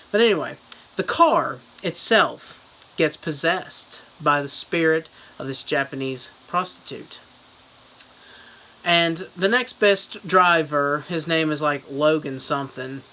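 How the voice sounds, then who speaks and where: A man's voice: fairly high pitch, a little slow, bright, forceful tone, low-quality recording. A man giving a goofy, rambling mock book review as a comedy vlogger.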